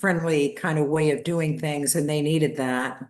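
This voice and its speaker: A woman's voice: low voice, measured pace. Seventy-something woman telling a childhood story. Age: 70s. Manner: lively anecdotal storyteller, acts out voices of family. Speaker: guest. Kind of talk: storytelling in a podcast interview.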